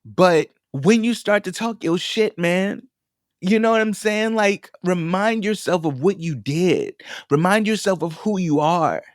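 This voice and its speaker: A man's voice: high voice, animated, unhurried, dry recording, clean studio sound. Sassy, affirming male podcast host. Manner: sassy, affirming, talks to listeners as baby and bitch; pep-talk, builds to emotional encouragement. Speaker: podcast host and food vlogger. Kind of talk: casual solo podcast monologue.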